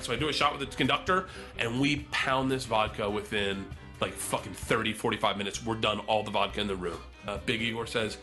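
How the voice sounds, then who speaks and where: A male comedian telling an animated, profane story on stage and acting out other people's lines. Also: lowish voice, fast, faint music behind. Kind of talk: stand-up storytelling.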